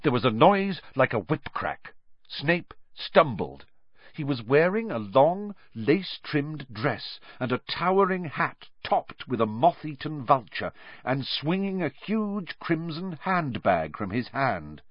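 A man reading a story aloud with animated, dramatic narration. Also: on the high side, slow, no echo, dull audio. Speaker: audiobook narrator.

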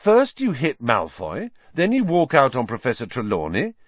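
A blunt teenage wizard boy, voiced by a male audiobook reader, pitched above the narrator's own tone. He exclaims in disbelief, on a dry, slightly muffled recording. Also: wildly swooping pitch, moderate pace, husky, dry recording. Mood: astounded.

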